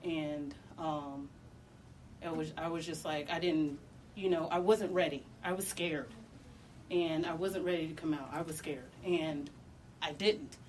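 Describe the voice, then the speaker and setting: Halting woman telling a personal story. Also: low voice, steady tone, a little mellow. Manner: halting, emotional, many restarts and pauses. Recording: distant mic with faint background noise.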